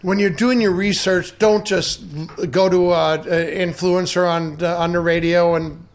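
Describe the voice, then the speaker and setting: A man's voice: high voice, fairly even intonation, a little slow. A man as a podcast guest, answering casually with many restarts and hesitations.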